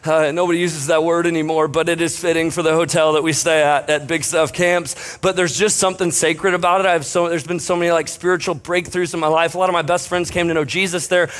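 Joking young pastor with a raised voice. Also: male voice, on the high side, level tone, fairly quick, few pauses, fairly bright tone. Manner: jokey, self-deprecating, lots of fillers. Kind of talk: casual storytelling sermon. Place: church stage before a congregation.

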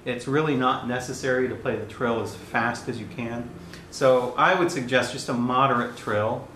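A man giving a calm, explanatory piano lesson, talking between played passages. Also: medium pitch, moderate pace, heavy background noise. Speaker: piano teacher. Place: room with a piano. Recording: roomy sound with piano playing.

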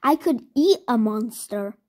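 A woman voicing a hungry, cheerful little girl bug in a storybook, with a bright childlike delivery. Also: fairly high pitch, lively intonation, a little slow.

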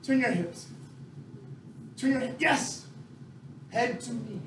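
A woman's voice: fairly high pitch, slow pace. A woman coach leading a playful yoga class, joking and counting holds aloud. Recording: echoey room, distant mic, noisy.

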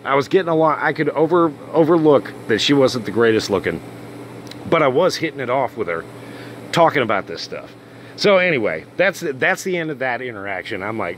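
Man ranting with lively swings in pitch. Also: brisk, a little hiss or hum. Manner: crude, swearing constantly, animated. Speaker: channel host. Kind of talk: profane storytelling rant.

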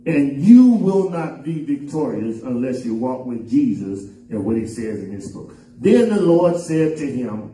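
A man preaching a sermon as pastor, swinging up and down in pitch and half-singing some phrases. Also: big pitch swings, a little slow, few pauses, mellow. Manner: preaching with sudden rises and drops in pitch, half-sung phrases. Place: church sanctuary. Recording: echoey church room, voice from far off the mic.

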